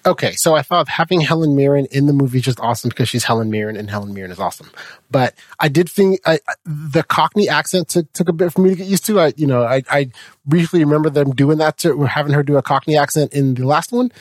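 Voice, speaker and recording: A man hosting a podcast, chatting casually about a film, animated, restarting his sentences and tagging them with "right?". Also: on the high side, quick pace, dry recording. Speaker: podcast host. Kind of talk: casual film review chat.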